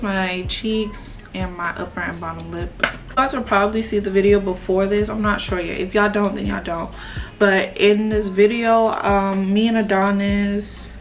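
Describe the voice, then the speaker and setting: A woman, chatting casually and rambling with lots of fillers while she does her makeup. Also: mid-range voice. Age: 20s. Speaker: beauty vlogger.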